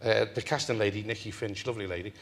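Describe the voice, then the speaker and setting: An older man from England, a talk-show guest telling a long story in an animated way and laughing through it. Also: fairly low pitch, fast talker. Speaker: interview guest. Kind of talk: anecdotal storytelling.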